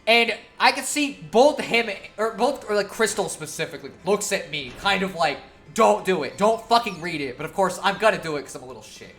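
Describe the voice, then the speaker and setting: A woman's voice: medium pitch, lively intonation, brisk, few pauses, fairly bright tone, faint music behind. A woman streamer telling a long story in a casual, profane, laughing way.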